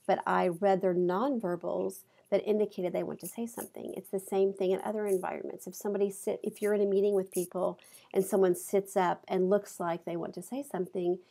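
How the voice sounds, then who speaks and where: A woman's voice: mid-range voice, vocal fry, dark tone. A woman college instructor giving a recorded lecture from her office, a little congested from allergies, talking conversationally through examples with fillers. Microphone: clip-on mic.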